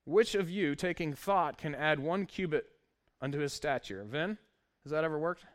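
Man preaching a lively sermon. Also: on the high side, moderate pace. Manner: lively preaching, reads scripture, wry asides. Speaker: pastor.

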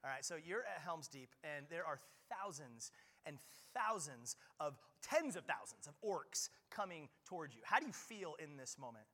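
A male pastor preaching a lively sermon at a church service, playful and joking with frequent quick restarts. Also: on the high side. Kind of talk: lively sermon with audience play.

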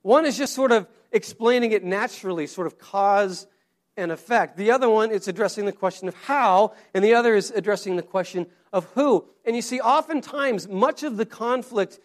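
A man with a rather high voice preaches a sermon. He speaks like he is chatting with the congregation, starting phrases over and doubling words as he searches for them. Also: moderate pace. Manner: conversational, repeats words and restarts often. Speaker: pastor.

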